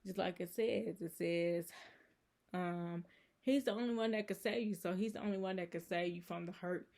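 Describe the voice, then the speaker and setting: Woman, casual faith vlog, earnest, rambling, lowish voice. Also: steady tone, moderate pace, gravelly, darkish tone. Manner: rambling, earnest, many fillers like "you know" and "so it's like". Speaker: channel host.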